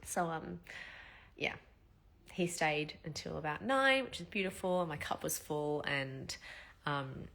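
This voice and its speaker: Aussie woman in her 30s, low voice, chatty and blunt, swears a bit, recovering from surgery. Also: measured pace, creaky, a bit bright. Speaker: vlogger. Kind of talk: casual storytelling.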